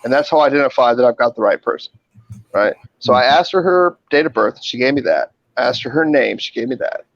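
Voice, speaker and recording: A lively, swinging man's voice tells wild hospital stories in a loose group chat, swearing and acting out patients. The sound is dry and close, a little dull in the highs. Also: fast, no echo. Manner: animated, swearing, acts out voices in his stories. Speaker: hospital emergency room worker. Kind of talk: casual group chat, storytelling.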